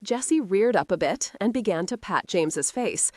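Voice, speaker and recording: A woman reading a historical romance audiobook in a steady, expressive scripted narration. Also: medium pitch, normal speed, dry recording, clean studio sound.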